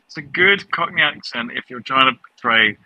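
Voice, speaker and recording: A man's voice: medium pitch, lively intonation, moderate pace, sharp tone, no echo, poor audio. A man co-hosting a casual reaction chat with dry, teasing remarks. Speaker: co-host reacting to clip.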